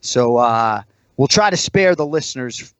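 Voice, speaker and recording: A man's voice: medium pitch, lively intonation, normal speed, clean tone, dry recording. A man hosting a podcast in casual, joking chat, swearing freely and rambling. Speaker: podcast host.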